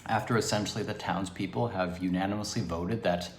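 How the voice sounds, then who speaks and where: A man's voice: low-pitched, fairly even intonation, brisk, echoey room, slight background noise. A man giving an improvised livestream lecture on philosophy, explaining expressively with asides, from a makeshift home studio. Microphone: device camera propped on DVDs.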